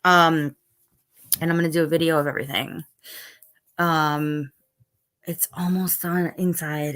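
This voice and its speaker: A tired woman in middle age, chatting casually on a live stream with a rather low voice. She rambles from topic to topic and stops to answer the chat. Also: flat delivery, measured pace, long pauses, fairly bright tone. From Northeast United States. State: tired, yawning. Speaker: livestream host.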